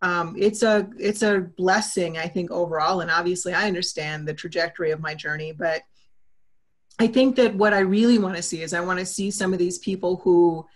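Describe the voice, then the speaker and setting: A woman's voice: fairly low pitch, fairly quick. A woman, a talkative guest in a casual interview who acts out the conversations she retells. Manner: animated, talkative, acts out quoted exchanges.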